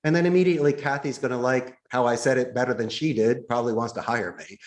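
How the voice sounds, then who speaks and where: A man, a call center boss, explaining sales phone tactics with enthusiasm and acting out calls in bright voices. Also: mid-range voice, quick pace. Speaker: call center CEO, interview guest. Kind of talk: animated sales coaching talk. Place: in Costa Rica.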